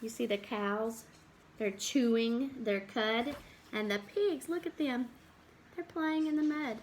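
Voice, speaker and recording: A woman's voice: a little high, takes it slowly, a little hiss or hum. A woman reads a farm picture book to children, acting out animal sounds and stopping to ask them questions. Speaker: teacher reading to children. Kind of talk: read-aloud storytime with explanations.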